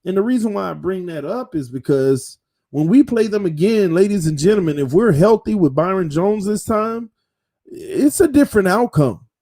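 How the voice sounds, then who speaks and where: A man's voice: high-pitched, lively intonation, moderate pace, warm tone. A man hosting his own football fan channel, talking casually and animatedly, repeating phrases for emphasis. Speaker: sports channel host.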